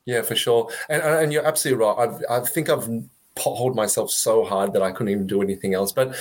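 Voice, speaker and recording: Australian man, guest, easygoing and joking, lower pitch, lots of ums and restarts. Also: fast talker. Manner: chatty, jokey, lots of fillers and restarts. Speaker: guest, web agency founder. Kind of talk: casual interview talk.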